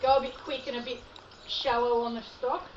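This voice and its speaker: A woman's voice: fairly high pitch, brisk. Australian female herding trainer, encouraging and patient, heard at a distance in an echoey, muffled outdoor recording. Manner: calm, encouraging, praises the dog often. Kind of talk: outdoor coaching instructions. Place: outdoor paddock with sheep and dogs. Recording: distant, roomy, dull, noisy outdoor audio.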